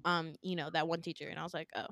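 A young woman co-hosting a casual chat podcast, recounting a dream with lively storytelling and acted-out voices. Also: low-pitched, racing, no echo, clean studio sound. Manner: animated storytelling, acts out quoted voices, laughs often.

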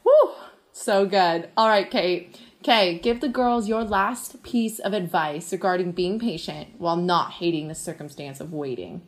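A young woman hosting a faith podcast, talking in a lively, casual way with frequent laughs. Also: fairly low pitch, a little slow. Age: young adult. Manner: animated, laughs often, says "like" a lot. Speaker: podcast host.

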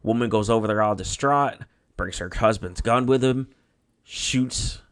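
Low-voiced man rambling through a story. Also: a little slow. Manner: rambling, profane storytelling with acted-out quotes. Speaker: podcast co-host. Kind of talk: casual chat, retelling a made-up story.

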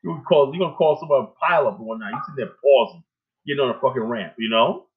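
Male host, rambling profane rant, phone-line sound, mid-pitched voice. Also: very fast. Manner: rambling, emphatic, full of filler tags.

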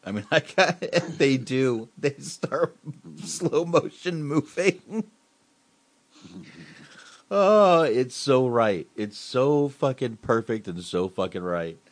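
A man hosting a reaction video, giving casual, amused comments on a comedy clip. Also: medium pitch.

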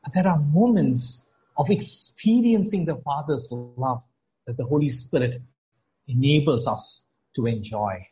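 A man's voice: medium pitch, lively intonation, measured pace, low-quality recording. Earnest, emphatic man preaching a sermon. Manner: earnest, emphatic, repeats key phrases, swings between soft and strong.

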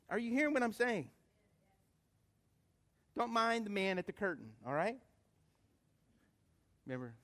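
High-voiced animated male pastor. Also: measured pace, pauses often. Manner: animated, calls for congregation responses. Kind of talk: sermon with anecdote.

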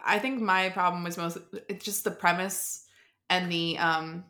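A woman co-hosting a podcast in casual chat, quick and self-deprecating. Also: lowish voice, fairly even intonation, pushed and bright. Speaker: podcast co-host.

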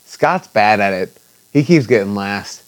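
A man's voice: lowish voice, animated, measured pace. A man co-hosting a casual podcast chat, laid-back and offhand, swearing casually. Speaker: podcast co-host.

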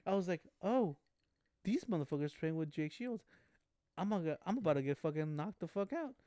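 A fast-talking man tells a story on a podcast, with lots of swearing and a bit of showmanship. His voice is smooth and clear, and the recording is dry and close. He co-hosts the show in casual chat. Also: on the high side, dry recording. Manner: animated storyteller, heavy swearing. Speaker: podcast co-host.

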